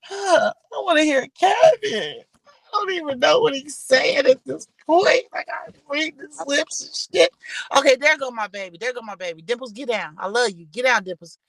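A woman's voice: high voice, normal speed, creaky, no echo, rough recording. A woman hosting a casual livestream, talking bluntly and swearing freely as she scolds her guests. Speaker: livestream host.

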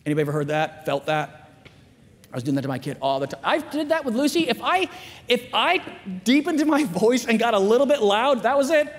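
A man giving a candid, self-mocking, animated storytelling talk at a school chapel. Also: very high voice, brisk. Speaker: chapel speaker. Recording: long reverb of a large chapel.

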